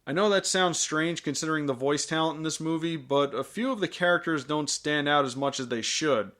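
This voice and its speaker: A man delivering scripted film review commentary. He talks with a sarcastic, jokey edge. His voice sits slightly high. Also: a little fast, a bit bright.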